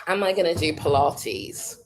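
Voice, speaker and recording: Slight background noise accompanies a British woman with a fairly low-pitched voice. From the United Kingdom, she vlogs by answering her live chat's questions in a casual way, often laughing while she thinks aloud.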